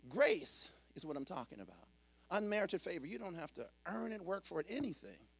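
Male pastor, sermon delivery; animated, gravelly voice that ranges widely. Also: high-pitched, brisk. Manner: preaching that swings from hushed to shouted; exclaims "woo" between points.

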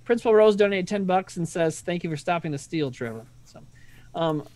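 A man's voice: high-pitched, lively intonation, brisk, darkish tone, no echo. A man with a Midwestern accent hosting a casual stream chat, rambling and swearing freely while poking fun at himself. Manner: rambling, profane, self-deprecating. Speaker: streaming show host.

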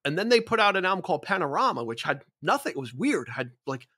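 A man's voice: on the high side, sing-song, fast, sharp tone, slightly rough. A man co-hosting a music podcast in casual chat, talkative and enthusiastic, often restarting his sentences. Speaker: podcast co-host.

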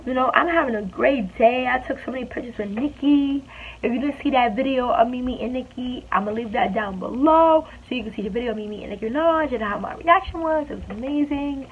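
A woman telling a storytime vlog in an animated, chatty way, repeating phrases for emphasis. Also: high voice, a little fast. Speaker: beauty vlogger. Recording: tinny phone-like sound with faint hiss.

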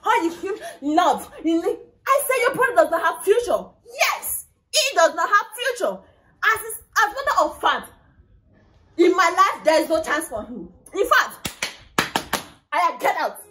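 An actress with a Nigerian accent playing a quick-tempered, proud young woman who mocks and shouts with contempt. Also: very high-pitched, big pitch swings, heavily acted. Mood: mocking. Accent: Nigerian English. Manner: contemptuous, mocking, shouting at times. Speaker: actress in a film scene. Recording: film scene with loud background music.

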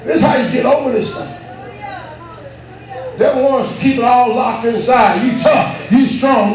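A male pastor preaching a fervent sermon, rising into drawn-out shouts and calling on the congregation to answer. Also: very high voice. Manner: calls on the congregation for responses. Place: church sanctuary. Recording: echoey, dull room recording from far off with background noise.

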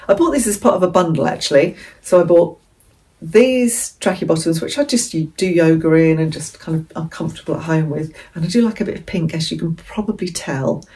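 A woman from England with a fairly low voice chats through a haul video. She rambles and often corrects herself mid-sentence. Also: mellow. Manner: chatty, rambling, self-correcting. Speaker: vlogger. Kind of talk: casual haul vlog.

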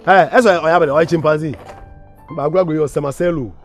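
A man's voice: fairly high pitch, quick pace, faint music behind. A man with a Ghanaian accent playing a senior student who mocks and orders juniors around. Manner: bossy, mocking, barking orders. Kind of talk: comedy skit acting.

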